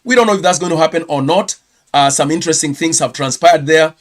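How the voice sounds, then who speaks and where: A man from Kenya with a Kenyan accent, hosting a casual ministry news roundup, chatty and quick to correct himself. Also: a little high. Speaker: ministry host.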